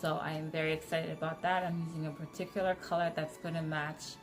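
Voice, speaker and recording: A woman with a notably low voice talks to camera in a casual, chatty way, excited and quick to correct herself. She has retainers in, which softens her consonants a little. Faint music plays underneath. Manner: talking with retainers in, slightly muffled. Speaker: vlogger.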